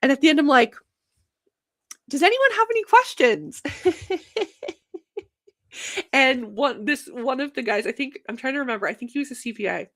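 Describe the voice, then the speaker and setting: Energetic young woman host, fast and chatty, slightly high voice. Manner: fast, energetic, lots of fillers. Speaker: host of a banking livestream show. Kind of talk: casual livestream chat.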